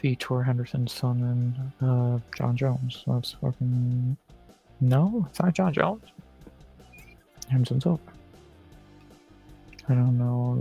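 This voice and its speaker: A man's voice: medium pitch, creaky, muffled recording. A man streaming live, muttering and swearing casually as he plays through quizzes, saying he's losing his voice. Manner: mutters and swears at quiz questions.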